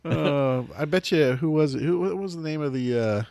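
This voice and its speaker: A man co-hosting a casual comedy podcast, with a gravelly, somewhat high voice. He jokes and swears, then signs the show off. The sound is dry and close, with faint music underneath. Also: normal speed, darkish tone, dry recording. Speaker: podcast co-host.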